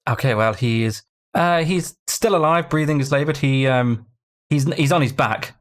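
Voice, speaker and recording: A man running a tabletop game as game master, narrating haltingly and correcting himself often. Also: mid-range voice.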